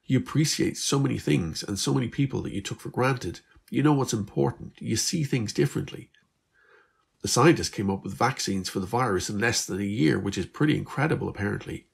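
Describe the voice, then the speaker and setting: A man's voice: fairly low pitch, fairly quick, vocal fry, breathy edge, heavily acted. A man voicing Beth, an Irish teenage girl who is weary but hopeful, in a slightly raised, chatty, earnest voice. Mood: reassuring.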